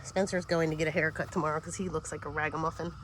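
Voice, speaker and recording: Lowish-voiced woman showing off her garden, rambly, sniffly, quiet outdoor noise in the back. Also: little pitch movement, quick pace. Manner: chatty, easily distracted, self-correcting. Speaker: home gardener giving a garden tour. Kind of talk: casual garden tour vlog.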